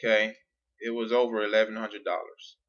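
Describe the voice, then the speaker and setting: A man's voice: on the low side, completely flat delivery, fairly quick, fairly bright tone, lo-fi sound. Emphatic man teaching at a whiteboard. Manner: repetitive, emphatic, asks rhetorical questions. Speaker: online business coach.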